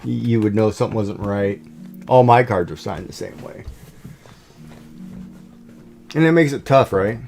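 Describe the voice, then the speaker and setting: A man's voice: on the low side, brisk, vocal fry, a little mellow, faint music behind. A middle-aged man hosting a livestream from home, chatting casually and rambling with lots of fillers and restarts. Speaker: livestream host. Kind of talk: casual chat.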